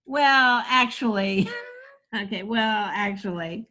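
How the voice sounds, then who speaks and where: An older woman talks through jokes in a relaxed coaching chat, quick and animated, breaking into laughter again and again. Her voice sits at an ordinary middle pitch for a woman. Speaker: comedy coach. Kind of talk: casual workshop chat.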